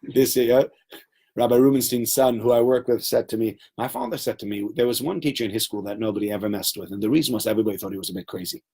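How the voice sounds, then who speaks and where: A man's voice: medium pitch, fast talker, warm tone, husky. A man giving a Torah lesson to a class, telling stories with animation and acting out quotes. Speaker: Torah teacher.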